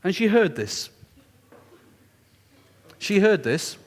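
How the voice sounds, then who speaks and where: Animated man lecturing. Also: high-pitched, slow pace. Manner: animated, confiding, emphatic. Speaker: guest lecturer. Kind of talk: storytelling public lecture. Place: lecture hall. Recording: echoey lecture hall.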